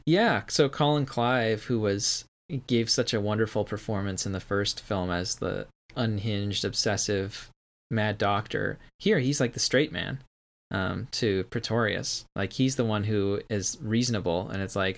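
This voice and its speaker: Halting, enthusiastic male film fan. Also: on the low side, vocal fry. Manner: enthusiastic, halting with many fillers. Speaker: podcast co-host. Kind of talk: casual film discussion.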